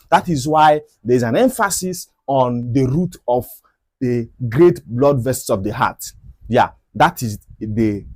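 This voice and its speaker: A man's voice: medium pitch, a little mellow, husky, no echo, studio quality. A man teaching a medical anatomy lesson over diagrams. He often repeats key points and asks rhetorical questions. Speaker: medical educator.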